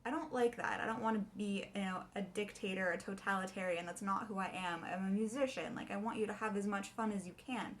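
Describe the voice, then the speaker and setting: A young adult woman voice teacher explaining warm-ups in a chatty way and singing short demonstrations. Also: medium pitch, a little fast, hardly any pauses. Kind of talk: casual video lesson.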